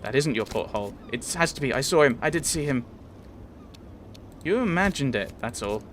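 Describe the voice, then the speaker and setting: A man's voice: medium pitch, animated, normal speed, a bit bright, slight background noise, close to an everyday voice. A man voicing a heartbroken, jealous young woman who pleads and accuses in a raised voice. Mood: accusing.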